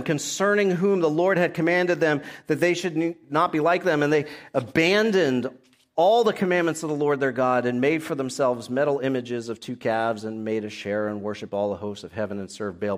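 A man, a pastor, preaching a sermon, reading scripture passages aloud and explaining them verse by verse. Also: on the high side.

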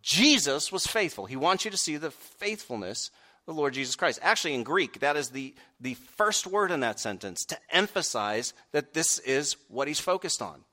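A man preaching a sermon, asking the congregation direct questions and swinging from quiet earnest stretches to loud raised peaks. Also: a little high, sing-song, moderate pace. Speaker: pastor.

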